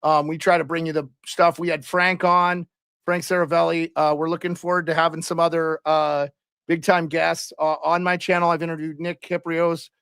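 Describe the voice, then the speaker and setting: A man's voice: on the high side, flat delivery, normal speed, a bit bright, smooth, dry recording, clean studio sound. A man hosting a casual live hockey stream, chatting loosely and calling out viewers and their locations. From Canada.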